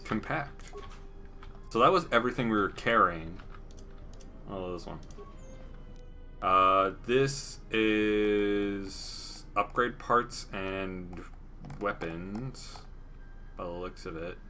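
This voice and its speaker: A man's voice: on the low side, slow, long pauses, sharp tone, soft background music. A young man giving casual, joking game commentary as a streamer, laughing often. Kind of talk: casual let's-play commentary.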